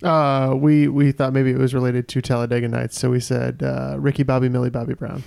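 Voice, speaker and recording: A trivia guest explains answers in a measured, deadpan way. His voice is gravelly, and the recording is dry and close. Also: medium pitch, dry recording.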